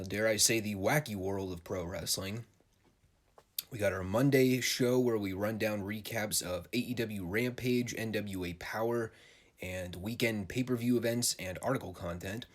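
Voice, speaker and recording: A man with a somewhat low voice hosts a solo podcast in a relaxed, off-the-cuff way. He cracks jokes, swears now and then, and fills gaps with filler words as he talks his viewers through the show. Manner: joking, profane, loose with filler words. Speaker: wrestling podcast host. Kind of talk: casual solo podcast commentary.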